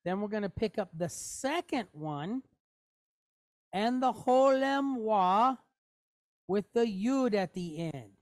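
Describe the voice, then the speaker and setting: A woman's voice: medium pitch, lively intonation, takes it slowly, long pauses, darkish tone, dry recording. A woman teaching a Hebrew reading lesson, going step by step and checking in often with her students. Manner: patient, step-by-step, checking in with "okay? right?". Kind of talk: classroom lesson.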